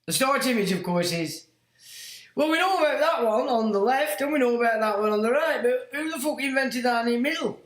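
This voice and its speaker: A man hosts a casual livestream, his high voice swinging widely in pitch. He exclaims, swears and mocks as he talks. The room around him is echoey. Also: lively intonation, a little fast, fairly bright tone. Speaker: livestream host.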